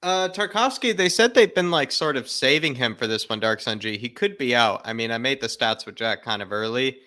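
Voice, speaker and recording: A man's voice: medium pitch, a little fast, sharp tone. A man co-hosting a casual livestream chat, speaking hesitantly with fillers.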